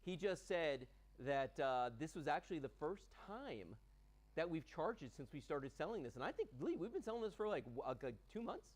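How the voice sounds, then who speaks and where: A man's voice: on the high side, big pitch swings, normal speed, rough recording. A man hosting a live home shopping show, chatting enthusiastically while demonstrating a product, with frequent fillers. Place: TV studio. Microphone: earpiece and studio mic.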